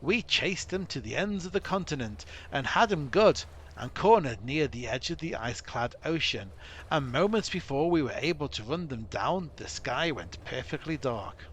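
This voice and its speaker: A man voicing a weary male dwarf survivor in a rough put-on accent, dramatically retelling a disaster. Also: a little high, lively intonation, normal speed, slight background noise, close to an everyday voice. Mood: grim.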